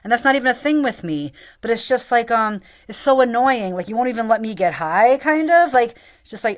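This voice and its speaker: A woman's voice: a little high, lively intonation, fairly quick, few pauses. A young woman telling a long, rambling, profane story, venting about a friend and a boss, with lots of "like.". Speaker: vlogger. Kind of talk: casual storytelling rant.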